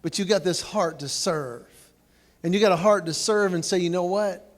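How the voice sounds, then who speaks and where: High-pitched male speaker, comic storyteller at a banquet podium. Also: moderate pace. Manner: storytelling with acted quotes. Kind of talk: humorous motivational speech. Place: banquet hall, indoors.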